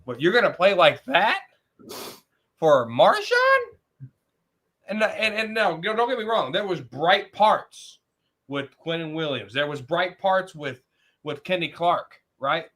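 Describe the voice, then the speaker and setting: A man's voice: sits high, very animated, slow pace, pushed and bright. A man co-hosting a casual sports podcast, emphatic and fond of repeating words for effect. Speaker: podcast co-host.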